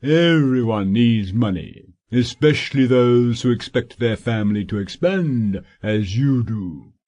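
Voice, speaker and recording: A man putting on a pompous, slow-talking solicitor. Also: medium pitch, lively intonation, darkish tone, natural voice. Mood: scheming. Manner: pompous, drawn-out, sanctimonious. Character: fat pompous scheming middle-aged male solicitor.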